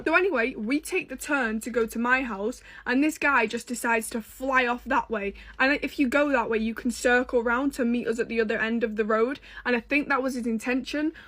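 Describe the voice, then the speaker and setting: A young woman with a British accent tells a storytime straight to her viewers. Her voice sits fairly high, and she talks with sass, swearing and dramatic asides. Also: fairly bright tone. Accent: British English. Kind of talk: casual storytime.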